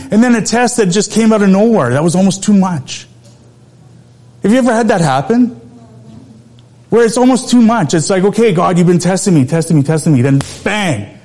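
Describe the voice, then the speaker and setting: A man in middle age delivers a sermon through a personal story. His voice sits a little higher than usual for a man. He talks conversationally and laughs often between phrases. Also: animated, normal speed, darkish tone. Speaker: preacher.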